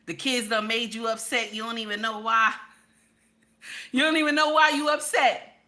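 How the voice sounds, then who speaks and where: A woman's voice: fairly high pitch, fairly even intonation, moderate pace, bright, forceful tone. A middle-aged woman giving preachy relationship advice to women viewers, emphatic and repetitive, speaking straight to her listeners.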